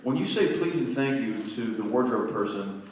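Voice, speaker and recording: A man in his forties giving a humorous, self-deprecating talk to a live audience, telling stories conversationally with quick restarts. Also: mid-range voice, animated, slight background noise. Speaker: guest speaker. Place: large lecture hall. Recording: distant mic in an echoey hall.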